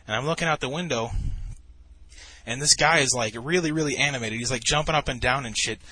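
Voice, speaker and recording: A man in his twenties telling a long, rambling story in casual chat, deadpan and full of swearing. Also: mid-range voice, fairly quick, breathy edge. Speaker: gamer narrating over a replay.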